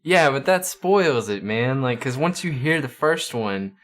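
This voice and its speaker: Halting man hosting a casual stream. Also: medium pitch, lively intonation. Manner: halting, often repeats words. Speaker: livestream host. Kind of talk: casual chat with viewers.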